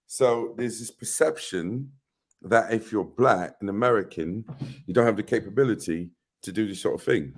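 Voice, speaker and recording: A man's voice: on the low side, moderate pace, slightly rough. A middle-aged man, an actor, chatting casually in an interview and telling stories with quoted voices acted out. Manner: animated storyteller who acts out quoted voices. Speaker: actor guest.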